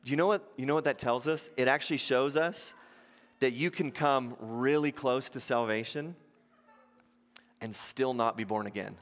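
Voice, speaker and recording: A man's voice: mid-range voice, normal speed. A man preaching a sermon as pastor, posing rhetorical questions and acting out quotes in shifting voices. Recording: long hall reverb.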